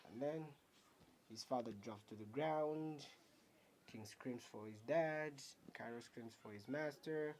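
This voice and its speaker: Man, casual comic review, rambling and halting, slow pace, faint background hum. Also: mid-range voice, a little mellow. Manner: rambling, halting, filler-heavy narration. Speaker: comic creator reviewing his own manga. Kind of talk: casual video commentary.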